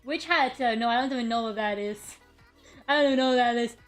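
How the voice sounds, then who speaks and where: In her room at home, a woman streamer chats casually with her viewers, rambling and swearing now and then. Her voice is a little high and quick, with faint music playing behind her.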